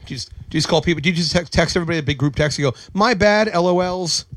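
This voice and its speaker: A man hosting a casual podcast, quick with wry jokes and reactions. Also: fairly high pitch, fairly even intonation, a bit bright, breathy edge, no room sound.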